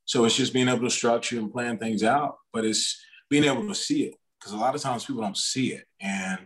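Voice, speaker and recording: A man's voice: medium pitch, a little fast, a bit bright, rough recording. A young man, a pro football player guest, chatting casually in an interview and rambling through many restarts and fillers. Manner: self-aware talker.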